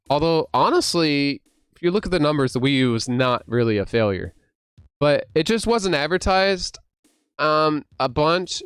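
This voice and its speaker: A man talking casually into a close, dry mic, his high, lively voice swinging up into loud squeals when he relives his excitement. He rambles with plenty of fillers and restarts, his tone smooth and clear. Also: dry recording. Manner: excitable, acts out his own past surprise in loud high bursts. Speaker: gaming vlogger. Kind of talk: casual storytelling monologue.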